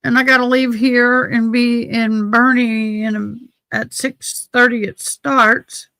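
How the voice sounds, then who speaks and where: A woman's voice: on the high side, level tone, slow, sharp tone, no room sound. A tired woman hosting a livestream, chatting casually and folksily about her setup. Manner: chatty, folksy, thinking aloud. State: tired, sleepy. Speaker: livestream host. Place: home studio in Texas.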